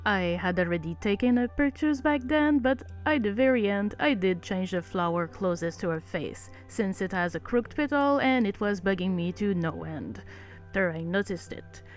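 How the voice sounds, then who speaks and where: A woman's voice: mid-range voice, lively intonation, moderate pace. French Canadian woman narrating her craft vlog. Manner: chatty, self-deprecating, sincere. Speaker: doll artist narrating her build. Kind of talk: voice-over narration of a craft video. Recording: voice-over with faint background music.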